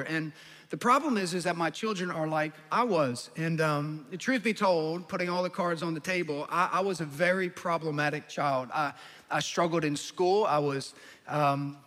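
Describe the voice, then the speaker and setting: A high-voiced, bright male pastor tells family stories in a sermon, acting out his kids and wife with sudden jumps in pitch. His voice rings out with a long reverb, as if filling a large church hall. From New Jersey. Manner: animated storyteller, acts out family voices.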